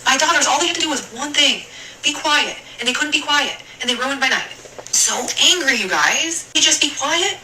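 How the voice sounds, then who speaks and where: A woman's voice: high-pitched, expressive, normal speed, sharp tone. A woman streamer ranting angrily on a live stream, swearing and circling back to her complaints. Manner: angry, swearing, rambling. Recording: echoey room, mic at a distance, faint hiss.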